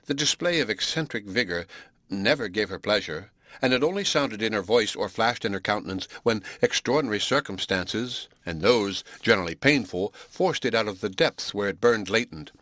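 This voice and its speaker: A man narrating a classic novel in a measured, steady audiobook reading. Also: fairly low pitch, dry recording, clean studio sound.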